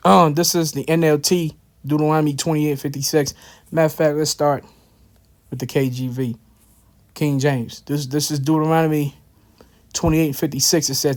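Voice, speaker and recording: A man with a slightly high voice talks through scripture in a relaxed, slangy way. He fills his speech with fillers, repeats himself and makes side remarks as he reads verses aloud. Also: normal speed. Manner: loose and slangy, many fillers and repeated asides. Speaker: religious teacher. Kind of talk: casual scripture commentary.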